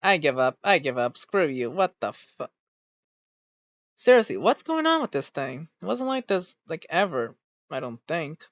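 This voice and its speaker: A VTuber streamer chatting casually in a rambling way, swearing freely and getting irritated quickly. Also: medium pitch, sing-song, no room sound. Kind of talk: casual stream reaction chat. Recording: dull, dry home recording.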